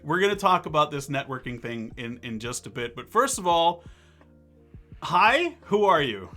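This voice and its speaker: Excitable high-voiced male stream host. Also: moderate pace, soft background music. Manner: excitable, animated, thanks chat viewers. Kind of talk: livestream talk show.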